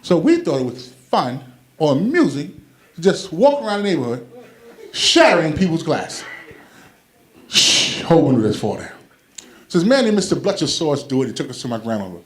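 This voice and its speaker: A man doing stand-up comedy, telling animated stories and acting out the people in them, on a club stage with a handheld mic. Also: on the high side, moderate pace, long pauses. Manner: animated, acts out quotes with loud shouted punchlines. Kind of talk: stand-up storytelling.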